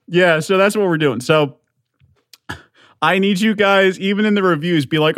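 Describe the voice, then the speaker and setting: A man's voice: sits high, normal speed, long pauses, fairly bright tone, dry recording, studio quality. A man hosting his own podcast alone, rambling and swearing, with many restarts and filler words, pleading earnestly with his listeners. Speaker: podcast host. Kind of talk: solo podcast monologue.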